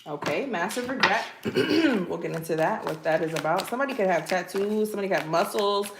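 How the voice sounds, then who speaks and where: A woman's voice: mid-range voice, lively intonation, brisk, creaky. A woman giving a casual tarot reading, chatty and playful, talking straight to her viewers with lots of asides. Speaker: tarot reader. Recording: echoey room with faint background noise.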